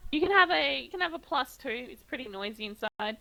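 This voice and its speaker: A woman's voice: high-pitched, expressive, fairly quick, creaky, sharp tone, poor audio. A woman narrating a tabletop game as game master, in a loose, casual way.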